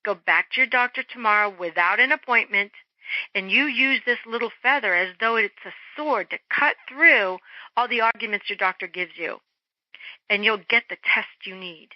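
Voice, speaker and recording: A middle-aged woman, an interview guest, telling a story in an animated way and acting out the voices of the people in it. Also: mid-range voice, normal speed, dry recording. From Germany. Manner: animated, acts out quoted voices. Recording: dull lo-fi phone-line sound.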